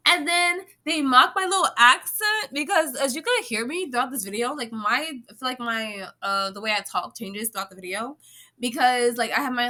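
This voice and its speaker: Young woman vlogging, bright high-ish voice, animated, swears a lot and laughs. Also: normal speed. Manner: animated, swears freely, laughs often, slips into playful put-on voices. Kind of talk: casual monologue to camera.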